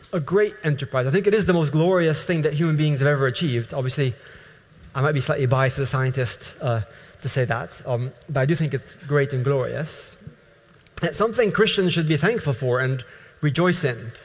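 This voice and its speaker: A man's voice: a little high, normal speed, big-room sound. A man from the Netherlands, a scientist giving an earnest, thoughtful lecture to a group and restarting his sentences often.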